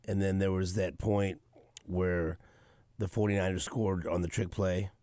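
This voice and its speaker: A man's voice: low voice, measured pace, no echo, clean studio sound. A man hosting a sports radio talk show, telling stories casually and animatedly acting out what players said. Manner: animated storytelling, acts out quotes.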